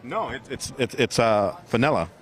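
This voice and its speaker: A man's voice: medium pitch, expressive, moderate pace, crowd noise. A man who sells food at an outdoor fair, describing his dessert as a TV guest, hesitant with many fillers. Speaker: food vendor. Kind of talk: guest on a live TV segment.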